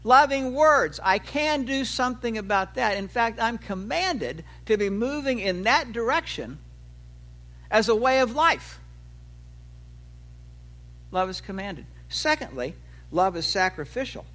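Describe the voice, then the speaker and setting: A man in his sixties delivers a sermon in a high, ringing voice. He talks with animation, lifting his pitch for quoted lines and letting his phrases trail off low and quiet. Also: a little slow. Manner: animated preaching, voice rising for acted quotes and dropping low at phrase ends. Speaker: pastor.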